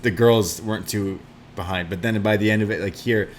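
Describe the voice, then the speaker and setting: Low-voiced man excitedly recapping wrestling. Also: a little fast, slight background noise. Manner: excitable, laughs often, acts out quotes. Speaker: wrestling show reviewer. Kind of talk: casual podcast chat.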